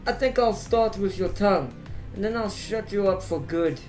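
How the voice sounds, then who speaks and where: A man's voice: high voice, expressive, moderate pace, over music, pitched above the performer's own voice. A man voicing a gloating male vampire villain with a country drawl, menacing and taunting. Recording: echoey room.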